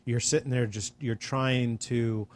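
Reflective man, unhurried chat. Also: medium pitch, steady tone, slight background noise. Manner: reflective, speaks at an unhurried pace with many fillers. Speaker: friend in conversation. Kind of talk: casual chat.

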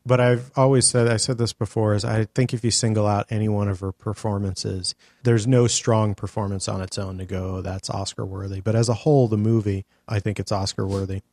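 A man in casual chat about films, swearing freely and telling his reactions in a blunt, animated way. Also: fairly low pitch, fairly quick, few pauses. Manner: blunt, profane, animated storytelling. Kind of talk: casual movie review chat.

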